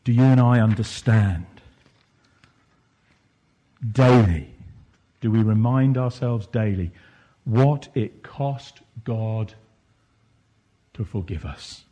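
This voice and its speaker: A man's voice: lowish voice, takes it slowly, pauses often, dark tone. A man preaching a sermon, reflective and questioning, rising at times into impassioned bursts.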